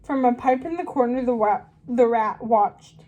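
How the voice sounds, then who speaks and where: A woman reading a children's novel aloud, slowly and carefully, with small slips and restarts. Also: on the high side, darkish tone, muffled recording. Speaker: reader.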